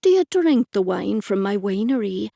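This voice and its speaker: A man's voice: sits high, sing-song, normal speed, gravelly, warm tone, dry recording, studio quality, heavily acted. A woman voicing a curt, guarded Irish man staying as a guest in a storybook mystery, giving short, unhelpful replies.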